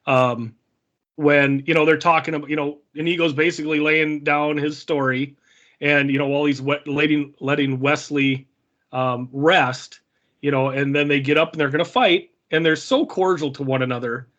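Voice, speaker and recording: A man's voice: fairly high pitch, fairly even intonation, moderate pace, a bit bright, lo-fi sound. A man co-hosting a podcast, chatting casually and enthusiastically about a film, laughing often. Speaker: podcast co-host.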